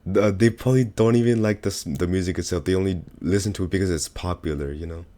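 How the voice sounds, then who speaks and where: Teen boy, deep low voice, laid-back casual chat, trails off. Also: steady tone, quick pace, mellow. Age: teens.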